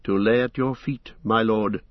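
A man's voice: fairly low pitch, steady tone, measured pace, no room sound, lo-fi sound, close to an everyday voice. A man voicing a loyal, eager young male warrior who declaims in a storybook reading.

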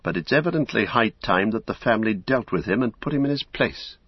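A man voicing a dignified male hobbit in an audiobook, calm and cutting. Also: lowish voice, brisk, husky, no room sound, dull audio, voice pushed up. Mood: dry.

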